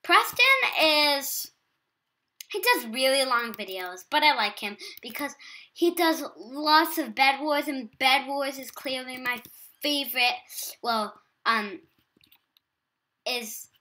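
A woman's voice: sits high, unhurried, sharp tone. A teenage girl with an English accent chatting casually while playing a video game, self-deprecating and talkative. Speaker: gaming YouTuber. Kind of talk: casual gameplay commentary.

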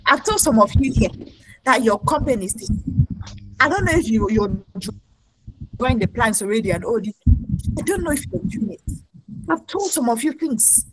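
A woman preacher delivering a lively sermon, mimicking her congregants and laughing often. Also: fairly high pitch, moderate pace, pauses often, background noise.

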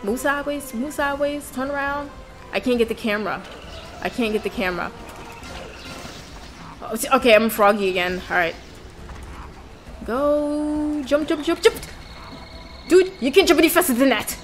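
A woman giving excitable let's play commentary as host of a gaming channel, with loud outbursts and swearing. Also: a little high, normal speed, pauses often, soft background music.

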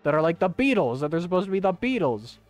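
A fast-talking young man with a high-pitched voice and big pitch swings streams a video game. His casual commentary is rambling and profane, full of fillers and restarts, against faint game music.

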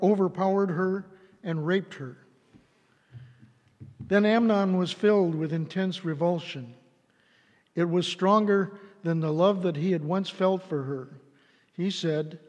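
A man reading scripture aloud in a church service, measured and deliberate. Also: high voice, a little mellow. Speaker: scripture reader. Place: church sanctuary. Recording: long church reverb.

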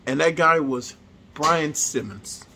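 A man's voice: fairly high pitch, lively intonation, slow, creaky, bright, forceful tone, a little hiss or hum. A man, casually telling a heartfelt story to his viewers, earnest and repeating himself as he goes. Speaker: vlogger.

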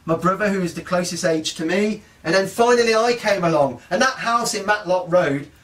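A man's voice: sits high, brisk, distant mic. A man, telling family stories to a live audience in a chatty, joking way. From Coventry, England. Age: 40s. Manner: chatty and joking, lively delivery. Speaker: storyteller.

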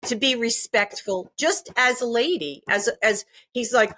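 A woman's voice: a little high, measured pace, pushed and bright. An older woman and grandmother giving an interview, talking emphatically and indignantly, often repeating herself. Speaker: interview guest.

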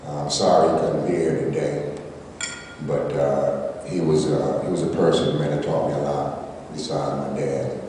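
A middle-aged man with a very low, mellow voice gives a hall of fame acceptance speech, halting and joking between fillers. He sounds distant, recorded from far back in a large hall with long, heavy reverb and faint ambience. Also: level tone, slight background noise.

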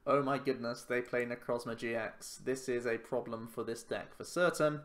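A man's voice: medium pitch, steady tone, moderate pace, a bit bright. A man giving casual commentary while playing a card game, thinking aloud in a chatty, self-mocking way. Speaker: YouTube card game player.

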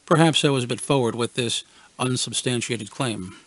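A man reading a wry first-person story from a script, in a dry, deadpan manner and briefly voicing the people he quotes. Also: medium pitch, normal speed. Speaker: radio essayist.

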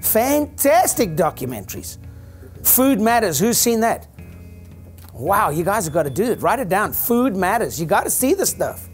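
A man's voice: sits high, sing-song, normal speed, faint music behind. An older man, a chiropractor, giving an informal talk to an audience in a rambling, joking, preacher-like way.

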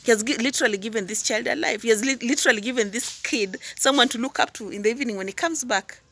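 A woman's voice: a little high, fast talker, breathy edge, no echo. A woman giving impassioned commentary as a YouTube reactor, firing rhetorical questions and prodding with "hmm?" and "huh?". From Tanzania. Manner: repeats words when worked up, then drops into calmer asides.

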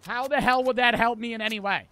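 High, bright-voiced brash male streamer. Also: steady tone, clean tone. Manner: brash and profane, answers chat with quick irritation. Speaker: streamer playing a battle royale game. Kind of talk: casual live-stream commentary.

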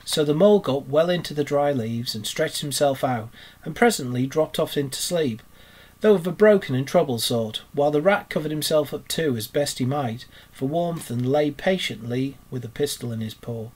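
A man reading a children's book aloud for a school in a steady, measured narration. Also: mid-range voice, husky. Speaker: school storyteller.

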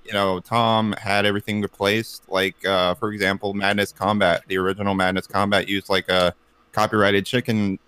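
A man's voice: flat delivery, normal speed, sharp tone, smooth, no room sound. A man telling a story on a casual group podcast, rambling with lots of fillers and restarts. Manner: puts on silly high cartoon voices.

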